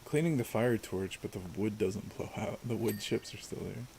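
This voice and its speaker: A man's voice: fairly low pitch, normal speed, gravelly, dark tone, slight background noise. A man casually chatting and joking while playing a co-op game, rambling and laughing often. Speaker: co-host. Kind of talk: casual gaming chat.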